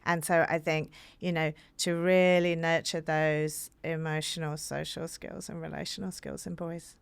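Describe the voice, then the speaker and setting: A woman from Britain, an author guest in a podcast interview, talking earnestly with many fillers and animated storytelling. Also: deep voice, measured pace, creaky, clean tone, no echo.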